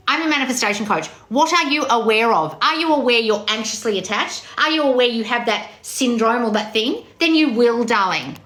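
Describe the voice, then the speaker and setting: A woman's voice: fairly high pitch, lively intonation, a little fast, a bit bright. A woman talking as a manifestation coach, blunt, scolding and heavy on swearing. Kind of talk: confrontational coaching monologue.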